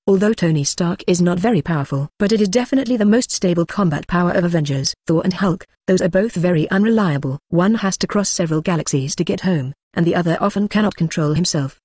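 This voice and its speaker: A computer-generated voice reading an audiobook aloud in an even, synthetic way. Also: mid-range voice, a little fast, few pauses, husky, dry recording, studio quality. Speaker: audiobook narrator. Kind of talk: text-to-speech audiobook narration.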